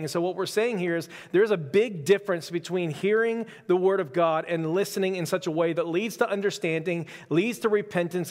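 Male pastor, conversational sermon, somewhat high voice, long hall echo. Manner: casual, storytelling, self-deprecating humor.

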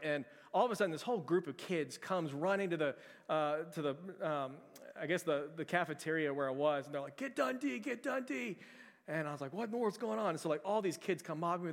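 A middle-aged male pastor preaching a sermon in a casual, animated storytelling way. He acts out scenes in a raised voice. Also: fairly high pitch. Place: church. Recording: long church hall reverb.

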